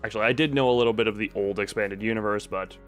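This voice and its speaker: Speaking very fast in a lowish, steady voice, a man chats casually on a stream through a desk microphone at home. He rambles and pokes fun at himself while soft music plays in the background.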